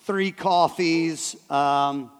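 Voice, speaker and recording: In a church hall, a high-voiced man with a smooth voice preaches to the congregation through a story. He halts often, repeating and restarting words, while a long hall reverb rings around him.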